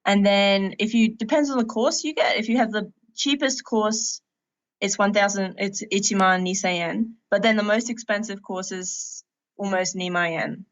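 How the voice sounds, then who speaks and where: A woman from Australia, a podcast guest, telling stories in a lively, casual way. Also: medium pitch, moderate pace, dull audio. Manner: lively storytelling with laughs. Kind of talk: casual interview chat.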